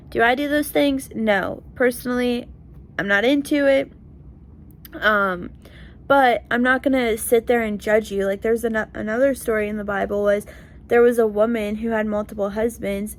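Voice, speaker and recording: A woman's voice: fairly high pitch, fairly even intonation, moderate pace. A young woman vlogging in a heartfelt, casual way, earnest and emotional, with lots of "like" and "you know". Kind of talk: heartfelt casual vlog talk.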